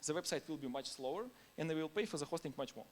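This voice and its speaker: A man's voice: fairly high pitch, quick pace. A man giving a conference talk in non-native English, informal and anecdotal, laughing now and then between points. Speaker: conference speaker.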